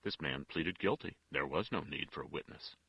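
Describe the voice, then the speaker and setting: A man's voice: very deep voice, moderate pace, vocal fry, breathy edge, dry recording, dull audio, exaggerated voice. An actor voicing a stern older male judge who speaks in an implacable, disagreeable way with a grating voice. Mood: curt. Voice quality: grating, harsh.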